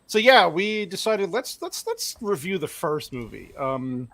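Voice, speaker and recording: A man's voice: sits high, sing-song, measured pace, fairly bright tone, no echo. A man hosting a casual group movie review podcast, joking, sarcastic and laughing often. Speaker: podcast host.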